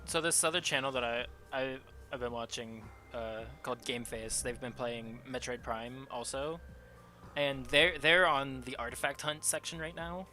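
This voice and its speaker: A man's voice: mid-range voice, moderate pace, bright, forceful tone, slight background noise. A man casually commenting as his friend plays a game, chatty and laughing often. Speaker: guide watching a friend play.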